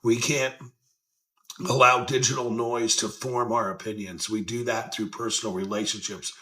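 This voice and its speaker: A man talks through life advice in a loose, unscripted way, blunt and earnest, with an occasional curse. His voice has a bright, forceful edge. He sits in the middle of the range for pitch. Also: flat delivery, normal speed. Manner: blunt and earnest, swears freely, repeats himself. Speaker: podcast host. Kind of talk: casual motivational talk.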